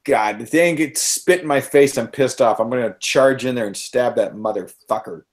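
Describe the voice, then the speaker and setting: A man playing a tabletop game who talks casually and excitedly, swears often and laughs a lot. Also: medium pitch, moderate pace. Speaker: player.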